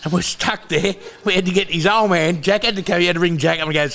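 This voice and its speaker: Brief: Australian bloke, slightly high voice, rambling sweary yarns on a podcast. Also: male voice, fast talker, gravelly, a bit bright, slight background noise. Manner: rambling, swears a lot, acts out quotes. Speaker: podcast co-host. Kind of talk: casual storytelling chat.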